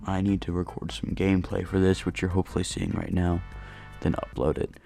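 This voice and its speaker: A man with a low, mellow voice tells a storytime voice-over at an unhurried pace. He rambles and pokes fun at himself as he talks, with faint music playing underneath. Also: flat delivery, vocal fry. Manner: rambling, self-deprecating storytelling. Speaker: gaming channel host. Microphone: voice-over recorded late at night.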